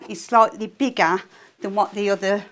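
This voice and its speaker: A woman's voice: medium pitch, fairly even intonation, normal speed. A woman giving a live sewing demonstration on a shopping channel, chatty and jokey as she explains each step.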